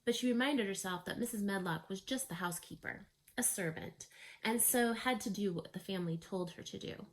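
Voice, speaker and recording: A woman reading a children's novel aloud in a calm, even storytelling manner. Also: medium pitch, fairly quick, low-quality recording.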